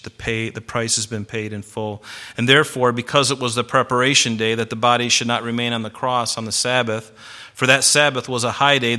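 Bright-voiced male preacher. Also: medium pitch. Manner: emphatic, varies loudness and slows for stress. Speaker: pastor. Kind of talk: sermon.

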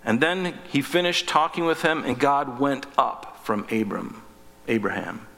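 A man's voice: mid-range voice, a little slow, bright, forceful tone. A man preaching a sermon, reading scripture aloud and breaking in with his own asides. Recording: long reverb of a hall.

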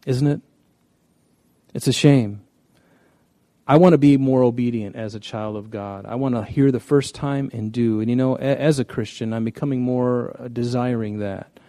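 Folksy preacher man, mellow and dry. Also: mid-range voice, normal speed, dry recording. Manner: folksy, storytelling, many restarts. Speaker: pastor. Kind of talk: conversational sermon.

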